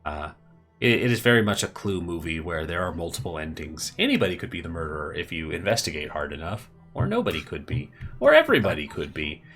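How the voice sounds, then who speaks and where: A man runs a tabletop game, narrating and chatting casually with lots of fillers. His voice is deep and bright. Soft music plays in the background. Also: quick pace. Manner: animated, chatty, many fillers. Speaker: game master.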